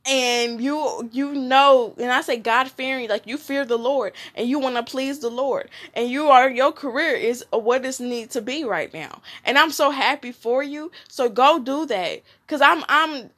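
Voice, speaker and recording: A woman's voice: a little high, a bit bright. A woman giving an impassioned spiritual pep talk straight to the listener, repeating herself and calling them "baby.". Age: adult, mother of a son. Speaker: faith speaker giving encouragement. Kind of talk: spiritual encouragement monologue.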